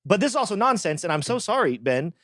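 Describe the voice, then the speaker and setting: Lively, fast-talking male co-host. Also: high-pitched, a little hiss or hum. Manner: teasing, quick back-and-forth banter. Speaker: crypto show co-host. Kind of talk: casual chat.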